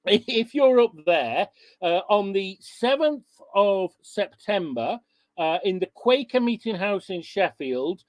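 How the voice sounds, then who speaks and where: A man's voice: sits high, expressive, slow, no room sound. A man hosting an online webinar over a video call, chatty and informal as he greets attendees. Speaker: webinar host.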